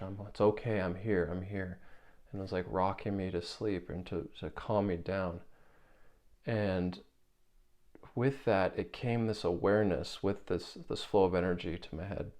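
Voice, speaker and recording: A young man earnestly telling a personal spiritual story, halting and repeating words as he searches for how to describe it. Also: deep voice, a little mellow. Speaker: spiritual video creator.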